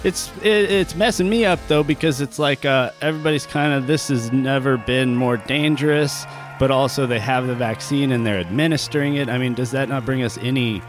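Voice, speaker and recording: Hesitant, halting male podcast co-host. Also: medium pitch, soft background music. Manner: hesitant, lots of uh and restarts. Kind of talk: casual chat.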